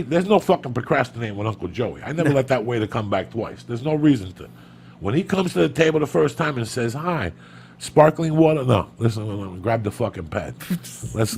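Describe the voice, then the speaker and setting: A man telling comic stories on a podcast, loud and profane, with punchy bursts and sudden shouts. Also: medium pitch, gravelly, a little hiss or hum. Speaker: comedian guest on a podcast. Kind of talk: profane comic rant and storytelling.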